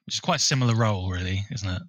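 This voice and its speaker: A man co-hosting a film podcast, measured and informative, steering the conversation. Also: fairly low pitch, expressive, no echo. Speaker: podcast co-host. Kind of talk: casual film chat.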